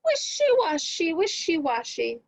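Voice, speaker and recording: A woman's voice: sing-song, unhurried, breathy edge, no room sound, exaggerated voice, rough recording. A woman voicing a cross, bossy farm woman who scolds muddy animals in a children's storybook read-aloud. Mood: scolding. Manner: shrill and scolding.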